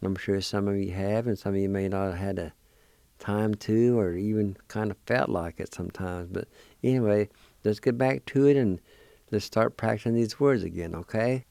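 A man hosting a language lesson, patiently spelling out words letter by letter and pronouncing each one slowly. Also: fairly low pitch, creaky, dark tone, clean tone, dry recording. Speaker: language teacher and radio host. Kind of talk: slow spelling and pronunciation lesson.

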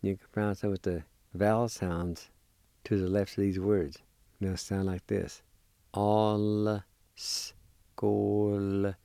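A man teaching a vocabulary lesson, patiently spelling out each word letter by letter and pronouncing it slowly. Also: sits low, flat delivery, warm tone, no echo. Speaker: language teacher. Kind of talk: slow spelling and pronunciation lesson.

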